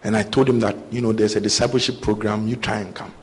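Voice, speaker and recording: A man's voice: on the low side, fast, slight background noise. A young man preaching a sermon, telling personal stories and acting out the voices in his dialogues. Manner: animated storytelling, acting out both sides of dialogues.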